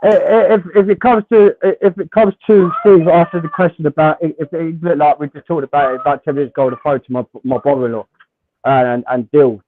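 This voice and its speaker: A man from calls in, talking casually and tripping over repeated words. His voice sits a little high. The call comes through a tinny, narrow phone line. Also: fairly even intonation, fast talker. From England, London. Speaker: call-in guest. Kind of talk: casual chat.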